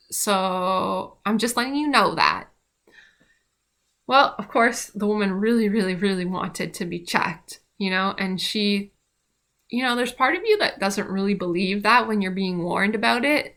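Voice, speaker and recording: A woman's voice: mid-range voice, unhurried, a bit bright. A young woman casually telling a rambling personal story about her midwifery training, with many fillers and restarts.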